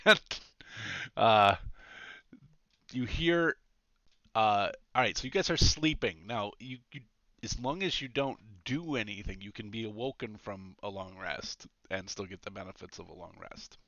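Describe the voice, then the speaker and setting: A man's voice: on the low side, measured pace, a bit bright, dry recording, highs cut off. A man running a tabletop game as game master, hesitating with lots of fillers and laughing often.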